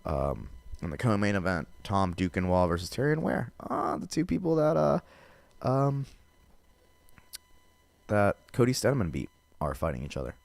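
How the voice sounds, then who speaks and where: Low-voiced man hosting a fight podcast. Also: big pitch swings, moderate pace, creaky, long pauses, no echo. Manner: loose and profane, with frequent fillers and restarts. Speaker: MMA podcast host. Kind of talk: casual fight-prediction podcast talk.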